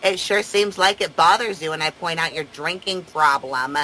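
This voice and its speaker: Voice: mid-range voice, moderate pace, sharp tone, low-quality recording. A caller taunting the other person in a heated phone argument, jeering in a sing-song, mocking way. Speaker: caller on a prank three-way call.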